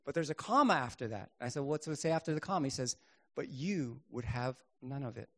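A middle-aged man preaching a sermon and telling his own testimony, earnest, rising to emphatic bursts and then dropping quiet. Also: medium pitch, animated, brisk.

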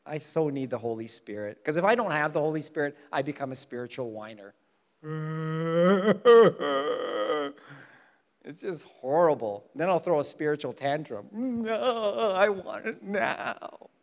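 Animated higher-voiced pastor preaching. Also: male voice. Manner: humorous, self-mocking, lively storytelling; slows down to stress verses. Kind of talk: sermon with Bible reading.

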